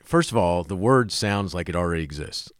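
A man's voice: sits low, lively intonation, moderate pace, dry recording, clean studio sound. A man hosting an interview, chatty and enthusiastic as he asks questions. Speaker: interview host. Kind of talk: interview conversation.

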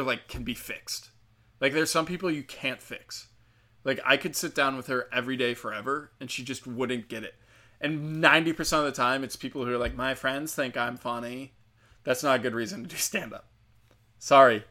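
A young man with a bright, forceful voice rants casually about the comedy scene. He talks bluntly and mockingly, swears constantly, and fills his sentences with "like" and "um." His pitch sits in an ordinary middle range. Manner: profane, mocking, blunt, filler-heavy. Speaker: stand-up comic. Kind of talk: casual storytelling rant.

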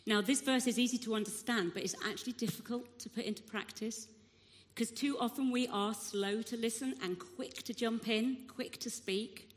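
Woman preacher, slightly high voice, expressive storyteller, long hall reverb. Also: normal speed. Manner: expressive storytelling, acting out the crowd's shouts. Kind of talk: sermon.

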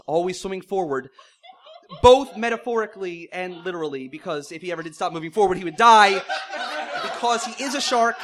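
High-pitched guy reading dumb fan fiction out loud, fake serious, keeps cracking up. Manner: mock-serious narration, breaking into laughter. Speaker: comedic reader.

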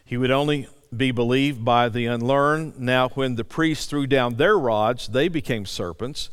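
A man's voice: medium pitch, unhurried, clear, resonant tone, in a large hall. A male pastor preaching a sermon, reading scripture aloud and then explaining it with small restarts.

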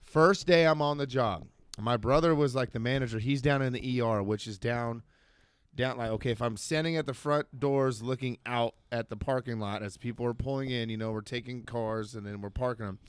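A man co-hosting a podcast, telling a story in a casual, animated way, swearing often and acting out the voices of the people in it. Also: mid-range voice, fairly quick, clear, resonant tone, no room sound. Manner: animated, swearing, acts out voices when excited. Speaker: podcast co-host.

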